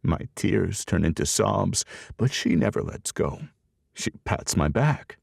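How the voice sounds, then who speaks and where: An expressive male narrator telling a romance in the first person. His low voice is gravelly and swings widely in pitch, recorded dry and close. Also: slow pace, dry recording. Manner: expressive, storytelling. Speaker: audiobook narrator.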